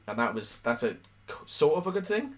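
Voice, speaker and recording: A man's voice: fairly high pitch, a little fast. A young Welsh man co-hosting a casual podcast chat, swearing freely and telling stories animatedly. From Wales. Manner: swearing, animated storyteller who puts on voices in quotes. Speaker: podcast co-host.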